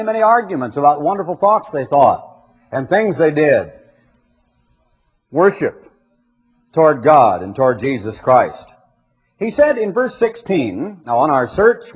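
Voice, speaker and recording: A man preaching a sermon, reading scripture slowly and telling folksy stories with emphatic delivery. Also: fairly high pitch, breathy edge.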